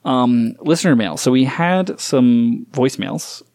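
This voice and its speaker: A man's voice: medium pitch, a little slow, darkish tone, no echo, clean studio sound. Crude joking podcast co-host man. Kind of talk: casual podcast banter. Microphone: phone in selfie mode.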